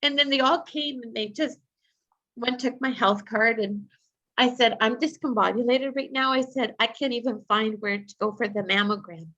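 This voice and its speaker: A woman's voice: a little high, fairly even intonation, normal speed, a bit bright. A woman, a psychic medium, earnestly recounting a personal story in an interview, with frequent fillers. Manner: earnest, heartfelt retelling with many fillers. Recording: slightly muffled lo-fi recording.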